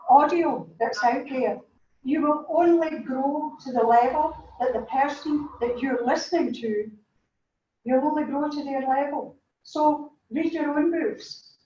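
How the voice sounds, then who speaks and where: High-pitched woman giving a rallying speech. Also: dark tone, muffled recording. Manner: upbeat, rallying, joking. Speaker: award recipient speaker. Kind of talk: motivational speech. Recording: echoey room, distant mic, faint noise.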